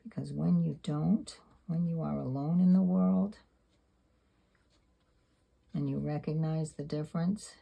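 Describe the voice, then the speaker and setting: Older lady in her 70s, low husky gravelly voice, chatty and candid while she paints. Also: fairly even intonation, a little slow, long pauses, dark tone. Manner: rambling, candid, self-deprecating. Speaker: sketchbook artist. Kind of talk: casual reflective talk while painting.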